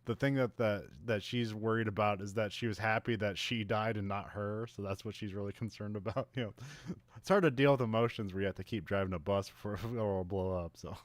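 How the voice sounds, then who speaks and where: A man's voice: on the low side, fairly even intonation, a little fast, no echo. A man recapping a movie in casual podcast chat, rambling with lots of fillers and frequent chuckles. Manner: rambling, laughs often, many fillers. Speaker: podcast co-host.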